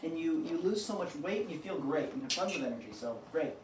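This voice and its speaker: A man hosting a live cooking stream, telling a long joke and chatting in an animated, upbeat way. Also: a little high, quick pace, a little hiss or hum. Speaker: cooking show host. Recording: roomy kitchen sound from a distance.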